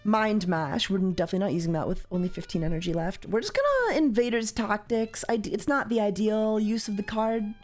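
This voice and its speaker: A young woman from Canada chatting casually as a streamer while playing a card game, with sudden loud, high exclamations. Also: expressive, a little fast, few pauses, soft background music.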